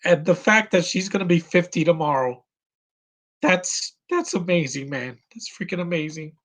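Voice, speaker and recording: A man in his thirties, near tears, giving an earnest and halting live commentary as host of his own stream. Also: high voice, expressive, a bit bright. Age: 30s.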